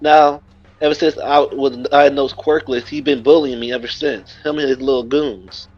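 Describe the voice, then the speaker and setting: A man voicing a timid, polite bullied teenage boy who speaks softly and hesitantly, on a muffled recording. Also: medium pitch, level tone, normal speed, natural voice.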